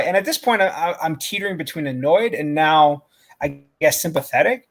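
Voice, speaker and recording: A man's voice: a little high, animated, normal speed, fairly bright tone. A man co-hosting a podcast, telling a story in a casual way, swearing often, laughing and restarting his sentences. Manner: profane, laughing, many restarts. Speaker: podcast co-host.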